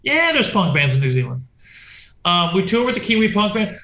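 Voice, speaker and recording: This man's voice is high, bright and forceful, swinging widely in pitch at a slightly fast clip. He's a touring punk musician from the United States, spinning rambling, profane stories in casual chat and performing quoted voices, captured in a room with noticeable echo.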